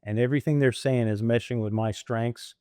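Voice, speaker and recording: A man's voice: medium pitch, steady tone, brisk, a little mellow, smooth, no echo, clean studio sound. A man in his fifties from the United States, a guest telling his career story in a casual interview, acting out voices and laughing often. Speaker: franchise owner guest.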